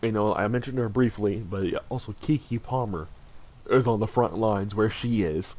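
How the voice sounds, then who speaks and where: A man's voice: lowish voice, moderate pace, a little mellow, poor audio. A man streaming a game and chatting casually, earnest and heartfelt, rambling with lots of fillers and restarts. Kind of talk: casual livestream chat while gaming.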